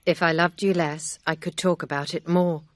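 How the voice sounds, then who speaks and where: A woman voicing a grave, kind gentleman. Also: on the low side, moderate pace, no echo, close to an everyday voice. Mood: tender. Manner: steady, sincere. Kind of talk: audiobook reading.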